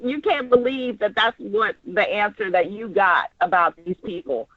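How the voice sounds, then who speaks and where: Director type, lively and hands-on in rehearsal, muffled dry audio. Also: medium pitch, moderate pace, dry recording. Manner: animated, acts out lines mid-explanation. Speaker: director giving actors notes. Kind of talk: rehearsal notes, casual.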